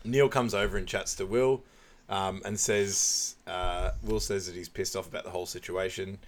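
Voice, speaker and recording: A man's voice: deep voice, fairly even intonation, normal speed. A man casually recapping a film on a podcast, laughing often and acting out quotes. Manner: laughs often, acts out quotes in raised voices. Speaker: podcast co-host.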